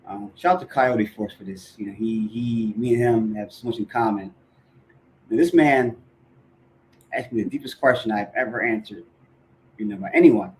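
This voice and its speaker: A man's voice: lowish voice, normal speed, pauses often, low-quality recording. A man hosting a podcast in casual conversation, talking earnestly and emphatically, repeating phrases for stress. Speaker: podcast host.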